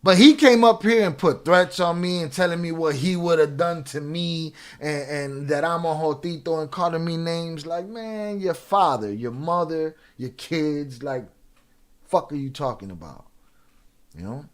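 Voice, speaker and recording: A middle-aged man hosting a livestream, chatting casually and reading viewer comments in loose street slang with joking asides and pauses. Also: a little high. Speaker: livestream reaction host.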